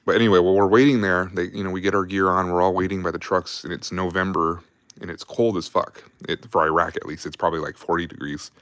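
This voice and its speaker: A man's voice: deep voice, fairly even intonation, fast talker, fairly bright tone, no echo, studio quality. A man, an army veteran hosting a livestream, telling war stories casually with lots of swearing and fillers while drinking beer. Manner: rambling, profane, heavy on fillers. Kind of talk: casual storytelling.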